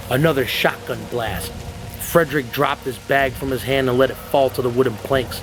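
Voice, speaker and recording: A man's voice: mid-range voice, fairly even intonation, poor audio. Man narrating a horror story over music. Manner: measured, ominous reading. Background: backing music.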